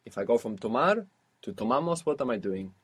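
A man's voice: mid-range voice, animated, fairly quick, breathy edge. A man teaching a spoken language lesson, patiently prompting his student with questions and short praise.

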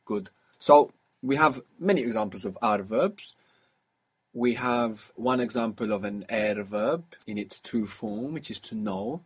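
A man's voice: lowish voice, measured pace, husky. A man teaching a language lesson, patiently asking questions and repeating the answers. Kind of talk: guided audio language lesson.

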